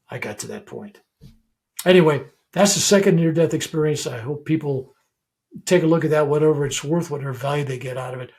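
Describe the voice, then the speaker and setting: Gravelly older man telling a story. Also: medium pitch. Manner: animated, acts out dialogue in retellings. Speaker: guest, reverend. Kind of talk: storytelling in a podcast interview.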